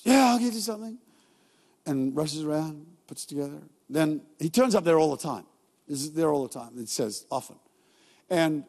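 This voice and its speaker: Male pastor, fairly high voice, casual joking sermon delivery, recorded with long church-hall reverb. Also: darkish tone. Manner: casual, joking storytelling with quick asides.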